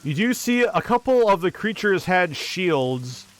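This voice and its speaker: A man running a tabletop game as game master, narrating in a slow, deliberate way. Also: high voice, very animated.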